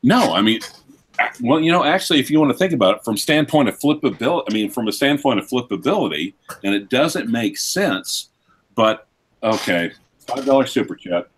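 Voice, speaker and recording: A man from Oklahoma, co-hosting a livestream and reading out viewer donations and time checks in a relaxed way. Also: medium pitch, a little fast, slightly rough. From Oklahoma, United States. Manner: relaxed, reads out donations and timekeeping. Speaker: co-host reading viewer messages. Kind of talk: casual livestream chat.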